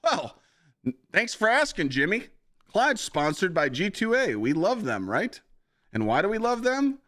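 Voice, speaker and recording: A man doing a hyped-up male sales pitchman, pitched well above his normal voice. The delivery is loud, bouncy and exclamatory, as if every deal is the best deal on earth. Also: very animated, unhurried, full character voice. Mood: hyped salesy.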